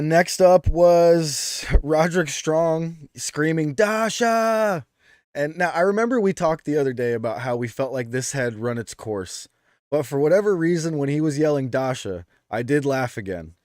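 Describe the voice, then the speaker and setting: Male co-host, relaxed chatty reviewer, dry mic, mid pitch. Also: dry recording. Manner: chatty, with many "um"s and restarts. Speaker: podcast co-host. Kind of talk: casual chat.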